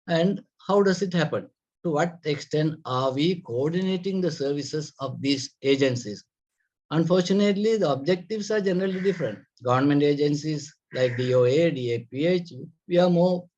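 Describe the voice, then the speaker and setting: Sri Lankan man lecturing, somewhat high voice. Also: darkish tone. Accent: Sri Lankan English. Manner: measured, methodical, lists points one by one. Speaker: agricultural extension expert. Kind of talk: explanatory lecture. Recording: dull lo-fi recording.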